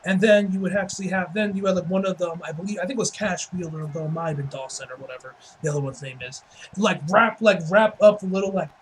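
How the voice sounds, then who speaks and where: A man giving a casual, excitable spoken review, full of swearing and repeated "like" fillers. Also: high-pitched, quick pace, slight background noise. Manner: excitable, profane, heavy use of "like". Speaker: wrestling reviewer.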